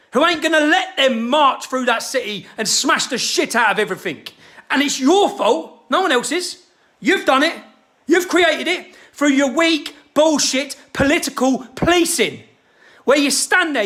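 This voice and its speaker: A man delivering an angry, swearing rant straight to the camera, firing hectoring questions and shouting. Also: very high-pitched. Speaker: activist ranting to camera.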